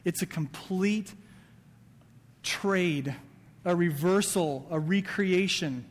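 Male pastor, conversational sermon, higher voice, long hall reverb. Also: takes it slowly. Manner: conversational preaching with quoted asides. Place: church sanctuary.

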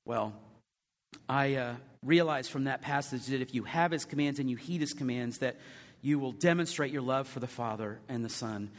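A man preaching a sermon and sharing his testimony, earnest, rising to loud emphatic peaks and sinking to hushed confession. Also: mid-range voice, normal speed. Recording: long hall reverb.

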